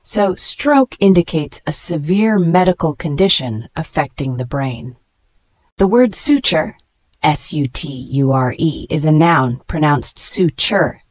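A woman reading a scripted vocabulary lesson, spelling each word letter by letter and slowing down to pronounce it, with praise for the learner between words. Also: sits low, lively intonation, darkish tone, no room sound. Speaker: English vocabulary teacher.

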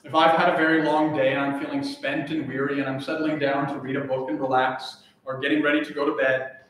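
A man's voice: medium pitch, little pitch movement, a little fast, a bit bright, slight background noise. A man preaching an earnest, emphatic sermon as pastor, repeating his key phrases. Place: church sanctuary. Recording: echoey church from a distant mic.

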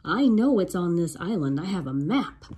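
A greedy one-eyed pirate captain barks and growls, loud and bossy, as a woman reading a storybook puts him on. The voice is mellow and a little husky, with lively swings in pitch. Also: normal speed, heavily acted. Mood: growling, bossy.

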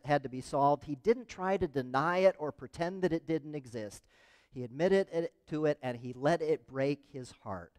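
A man preaching a conversational sermon as pastor, often asking the congregation questions. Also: a little high. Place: church sanctuary. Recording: long reverb of a church hall.

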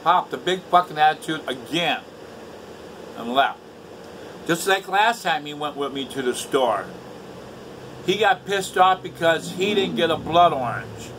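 Bitter older man venting to camera, harsh bright voice, pitched a bit high, faint hum behind. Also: animated, a little slow, pauses often, low-quality recording. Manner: profane, bitter, repetitive. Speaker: vlogger. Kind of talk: angry rant to camera. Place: indoors at home.

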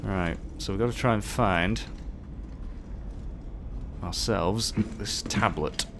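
A man doing casual live commentary while playing, excitable, swearing often and chatting with his viewers. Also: lowish voice, slow, background noise. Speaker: game streamer.

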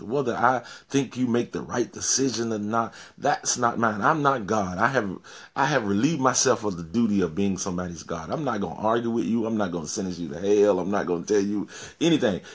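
A man's voice: fairly low pitch, slightly rough. A male pastor giving an informal sermon, often repeating words and restarting, then rising to emphatic peaks.

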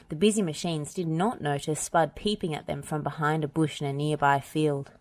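A woman narrating a children's storybook aloud in a gentle, even storytelling manner. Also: deep voice, normal speed, few pauses, no echo. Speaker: children's book reader.

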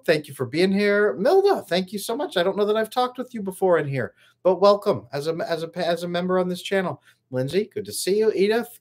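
A man coaching on relationships in a live stream, talking casually and greeting viewers from the chat by name. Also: mid-range voice.

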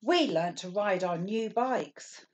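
A woman's voice: mid-range voice, lively intonation, slow, a little hiss or hum. A woman voicing a keen little boy, one of a pair of twins, in a children's storybook. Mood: eager.

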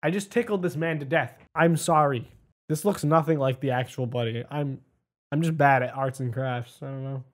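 A man doing casual gameplay commentary, chatty and excitable, often talking to the character on screen. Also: mid-range voice, moderate pace, faint music behind. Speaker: gaming video host. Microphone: desk microphone.

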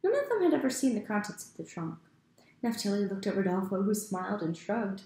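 A woman reads a children's chapter book aloud in a steady, expressive storytelling voice. Her tone has a gravelly fry to it. The sound carries the echo of a bare room. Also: medium pitch, a little fast. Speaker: teacher reading aloud. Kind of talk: storybook read-aloud narration. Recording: echoey room.

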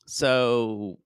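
A man's voice: medium pitch, clean tone, no echo, clean studio sound. A man co-hosting a casual podcast, chatting and laughing as he recaps a reality show. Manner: animated, laughs often, acts out quotes. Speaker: podcast co-host.

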